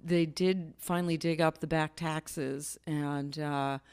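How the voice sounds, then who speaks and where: A woman comedian delivers a dry joke over a video call. She speaks slowly and unhurriedly, in a voice that sits low for a woman. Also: fairly even intonation, a little mellow, smooth. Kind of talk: stand-up joke.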